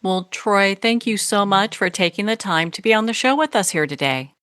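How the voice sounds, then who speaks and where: A woman's voice: medium pitch, expressive, normal speed, a bit bright, clean tone. A woman hosting an interview show, effusive and gracious as she thanks her guest and closes the episode. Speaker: show host.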